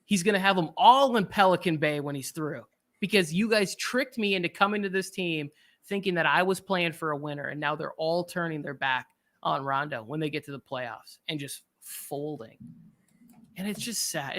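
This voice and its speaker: A man hosting a sports podcast with a bright, forceful tone and a voice sitting a touch high for a man. He talks in an animated, joking way and keeps the banter rolling. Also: moderate pace. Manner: animated, jokey, slips into impressions. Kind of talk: casual sports talk.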